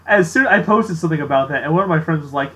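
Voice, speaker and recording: A man's voice: a little high, animated, rapid-fire, sharp tone, rough recording. A man narrating as game master, casual and full of fillers, chatting between scenes. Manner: casual, filler-heavy, laughs easily.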